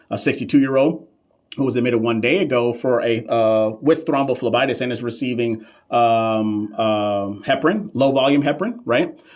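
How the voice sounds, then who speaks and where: A man tutoring nursing exam questions on a live stream, playful and sassy, talking back to viewers' comments with slang and repeated emphasis. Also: medium pitch. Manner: slang-heavy, emphatic repetition.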